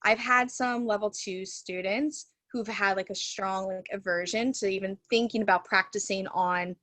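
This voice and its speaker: A woman's voice: mid-range voice, steady tone, moderate pace, a bit bright, dry recording. A woman Reiki teacher telling a story in a casual, chatty way over a video call from her home, full of fillers. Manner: chatty, lots of "like" and "you know" fillers.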